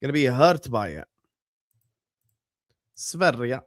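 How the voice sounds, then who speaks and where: A man's voice: mid-range voice, slow, no echo. Man, livestream host, casual chatty commentary, dry close-miked sound. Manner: chatty, bursts into excited shouting at goals. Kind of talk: casual live watchalong commentary.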